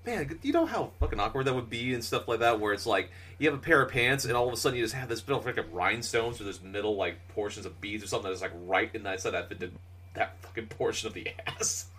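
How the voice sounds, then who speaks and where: A man's voice: on the low side, lively intonation, fast talker, bright, forceful tone, husky. Rambling, laughing male co-host, off-mic. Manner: rambling, laughs a lot, fillers and swearing. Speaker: podcast co-host. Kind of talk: casual podcast banter. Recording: distant from the mic.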